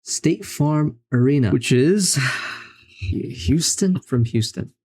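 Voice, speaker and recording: A man's voice: a little high, lively intonation, slow, warm tone, breathy edge. A young man hosting a gaming video, talking casually through daily geography puzzles in a self-mocking, exasperated way. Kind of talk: casual commentary while playing.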